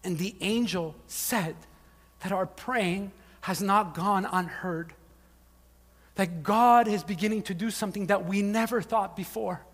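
A male pastor preaching a sermon, telling the story with animated asides and acted-out voices, often saying "like". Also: high-pitched, unhurried. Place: church hall. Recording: long hall reverb.

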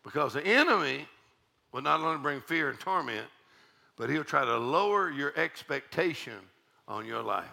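A man preaching in a church service, his voice gravelly and piercingly bright. He rises into fiery shouted exhortation and drops into folksy storytelling, with his pitch leaping and falling widely. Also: lively intonation, moderate pace. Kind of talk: sermon.

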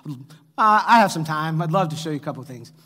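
A middle-aged pastor with a voice on the high side preaches briskly, his tone bright, forceful and animated. In an echoey church hall with long reverb, he tells humorous family stories and asks the congregation to answer back.

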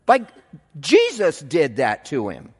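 A man preaching a sermon, telling the story in an animated way with casual asides to the congregation. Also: on the high side, takes it slowly, husky. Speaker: pastor. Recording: long reverb in a large hall.

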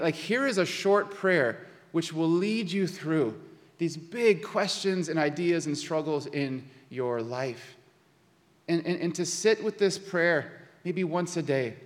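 A man preaching a sermon in a conversational way, often repeating words and slowing to a hushed voice on key phrases. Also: high-pitched. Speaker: pastor. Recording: long hall reverb.

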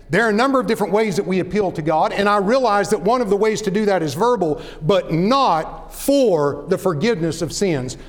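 Man, preacher, high voice, earnest sermon, restarts, long hall reverb. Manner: earnest, deliberate, storytelling with repeated restarts.

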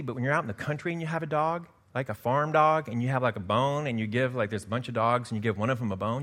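A male pastor, likely middle-aged, giving a sermon, swinging from quiet, confiding asides to loud, emphatic passages, and laughing at himself now and then. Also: mid-range voice, fast talker, few pauses. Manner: self-deprecating, laughs at himself.

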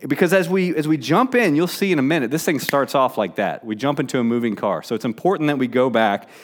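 A man's voice: medium pitch, fast. A middle-aged man preaching a sermon in a conversational way, with frequent fillers and restarts. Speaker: pastor.

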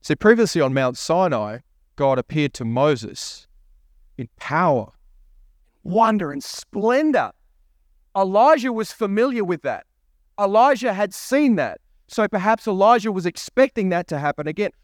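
Man preaching a sermon, higher-pitched, dry sound with no room echo, engages listeners with questions. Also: animated, moderate pace. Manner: preaching with rhetorical questions to the congregation; reads scripture aloud, voicing the prophet's lines. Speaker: pastor.

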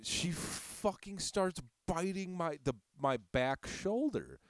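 A man casually telling a profane story on a podcast, animated and swearing freely. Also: high-pitched, takes it slowly, dry recording.

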